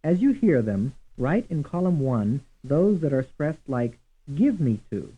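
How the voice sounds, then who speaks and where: Man reading drill words twice, slow and husky, old tinny course tape. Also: on the high side, very animated. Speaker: language course narrator. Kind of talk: recorded language drill dictation.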